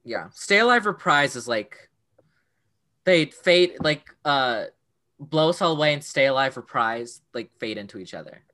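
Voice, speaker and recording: Casting: low-pitched teen girl, talkative, rambling, heavy on "like.". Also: expressive, a little slow, a bit bright. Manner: chatty, many fillers, breaks into singing lines. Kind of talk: casual chat about a musical.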